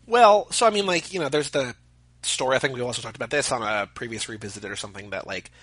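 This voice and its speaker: A man's voice: medium pitch, fast, fairly bright tone, no room sound, low-quality recording. A man co-hosting a podcast, chatting casually about movies with jokey, rambling asides. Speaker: podcast co-host. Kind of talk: casual movie commentary chat.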